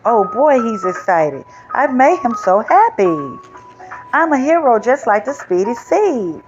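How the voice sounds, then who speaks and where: A possessive little seed boy, as a woman puts him on, boastful and emphatic, sing-song storybook style and slow-paced. Slightly dull lo-fi audio with faint music underneath. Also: on the high side, very animated, pitched above the performer's own voice. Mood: cheerful.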